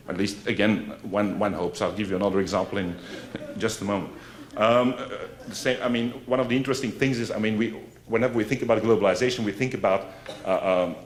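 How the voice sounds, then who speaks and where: A man giving an academic conference talk in a conversational way, often checking in with "right?" and repeating points for emphasis. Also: lowish voice. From Belgium. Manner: conversational, frequent "right?" and "eh?" asides, emphatic repetition. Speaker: academic lecturer. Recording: roomy hall echo.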